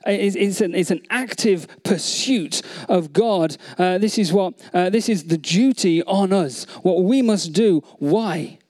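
A man's voice: high-pitched, unhurried, few pauses, darkish tone. A man preaching a sermon, earnest, repeating phrases and asking the congregation questions. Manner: earnest, many restarts, repeats phrases, asks the audience questions. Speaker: pastor.

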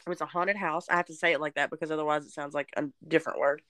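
A woman's voice: low-pitched, fairly even intonation, rapid-fire, a bit bright, no room sound. A young woman telling her personal testimony in a candid, chatty way, sometimes close to tears. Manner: candid, chatty, at times tearful. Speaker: podcast guest sharing testimony. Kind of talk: personal storytelling.

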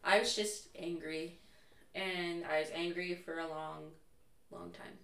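This young adult woman's voice is lowish, gravelly and a little slow as she guests on a casual chat. Candid and animated, she acts out what people said in her stories, with a roomy echo and her voice far from the mic.

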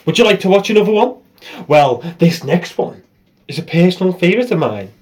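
A man's voice: sits high, expressive, fairly quick, a little mellow, pitched above the performer's own voice. A man voicing an over-sweet male presenter of old video tapes, fussy and sing-song, with music behind. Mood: gushing.

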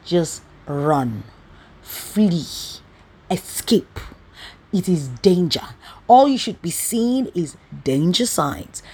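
Husky low-voiced woman teaching scripture. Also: darkish tone. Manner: emphatic, asks rhetorical questions. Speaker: Bible study teacher. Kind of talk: teaching a Bible study.

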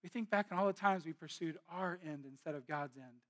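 A man in his thirties preaching a sermon, moving between hushed, intimate storytelling and loud, impassioned exhortation. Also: on the high side, a little fast. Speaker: pastor.

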